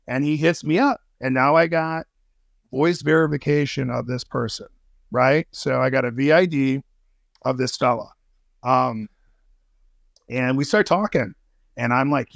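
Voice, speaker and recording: A man's voice: medium pitch, moderate pace, creaky, no echo, clean studio sound. A man guesting on a podcast, telling a story in casual talk, swearing freely and using street slang.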